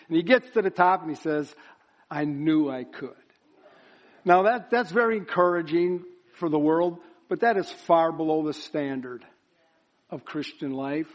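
A man preaching at a church service, his voice sitting somewhat high for a man. He works up to emphatic, chanted repetitions. The recording sounds dull and lo-fi. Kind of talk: sermon.

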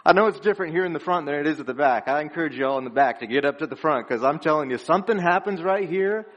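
A man's voice: on the high side, animated, quick pace, muffled recording. A young man preaching a conversational sermon as pastor, earnest and storytelling, chuckling between phrases.

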